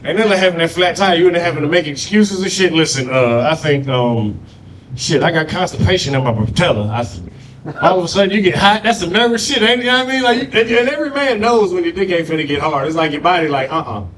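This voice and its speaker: A male comedian works a stand-up set in a crude, profane, rambling style, with a voice that sits a bit high. He is picked up from a distance, with a noisy room and a low rumble behind him. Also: fast talker, a bit bright. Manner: crude, profane and loose, with constant "you know what I mean" asides. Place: comedy stage in a live venue.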